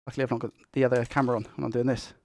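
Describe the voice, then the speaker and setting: A young man who talks fast and excitably while hosting a tech live stream and reading viewer comments. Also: medium pitch, vocal fry. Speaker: tech livestream host.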